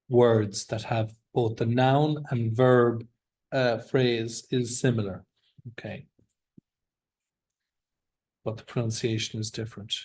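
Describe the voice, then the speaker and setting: A man's voice: mid-range voice, a little mellow. A man teaching a classroom vocabulary lesson, encouraging his students and drilling the words aloud with them. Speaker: English teacher.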